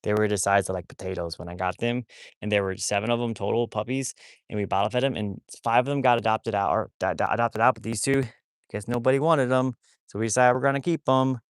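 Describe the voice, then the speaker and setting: Fast-talking man on a livestream. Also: fairly low pitch, clear, resonant tone, no room sound, studio quality. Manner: rambling, repeats himself, talks to viewers as y'all. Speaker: wolfdog rescue livestreamer. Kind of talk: casual livestream chat. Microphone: phone livestream.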